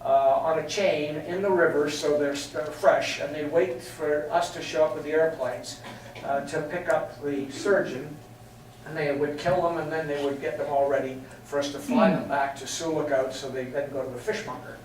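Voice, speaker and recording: A man's voice: on the high side, fairly even intonation, normal speed, a little hiss or hum. An older man from England telling chatty flying anecdotes to a meeting, chuckling at his own stories. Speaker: guest speaker. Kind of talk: storytelling talk. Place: meeting hall. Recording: very echoey hall from far off.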